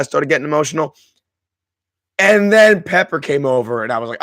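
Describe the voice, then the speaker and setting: Effusive man, slightly high voice. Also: animated, brisk, fairly bright tone, dry recording. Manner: effusive, emotional, many restarts. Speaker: streamer and host. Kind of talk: live movie discussion with chat.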